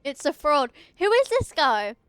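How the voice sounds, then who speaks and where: A woman's voice: high-pitched, very animated, unhurried, fairly bright tone, no room sound. A young woman streaming a game, chatting casually with her viewers, giggling and tripping over her words. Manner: giggly, chatty, often talks to chat, trips over words.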